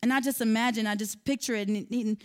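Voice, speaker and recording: A woman's voice: fairly high pitch, steady tone, fast talker. A woman preaching a sermon in a conversational way, building to emphatic, rising passages.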